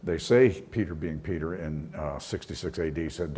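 A man preaching a sermon, telling personal stories in a conversational way, and his voice climbs higher and louder when he drives a point home. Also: normal speed, slight background noise. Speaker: pastor.

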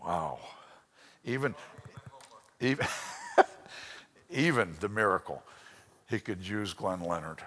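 Male Bible teacher, low voice, animated storyteller, long hall reverb. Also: slight background noise. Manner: storytelling, voices quotes, drops to a whisper. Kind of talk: lively sermon with anecdotes.

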